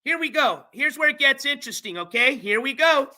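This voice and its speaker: A livestream host reads court papers aloud in a casual, chatty way, pausing to explain the legal wording and thanking channel members by name. The voice sits high and sounds pushed and bright, expressive at a normal speed.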